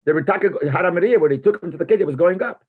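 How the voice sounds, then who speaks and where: Husky man teaching over a tinny line. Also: high-pitched, racing. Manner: reads a phrase aloud, then translates and explains it with rhetorical questions. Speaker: rabbi teaching a class. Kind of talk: text-study lecture. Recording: tinny phone-like lo-fi recording.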